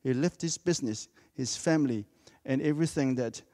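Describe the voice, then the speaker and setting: A man's voice: mid-range voice, a little fast, warm tone, long reverb tail. A man preaching a sermon in a church, speaking emphatically and repeating key words for effect.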